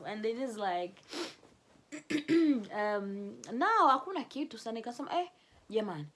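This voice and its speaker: A woman's voice: on the high side, a little slow, slight background noise. Chatty woman telling a story. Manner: animated, laughing, switches between English and Swahili. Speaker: vlogger telling her love story. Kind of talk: casual storytelling to camera.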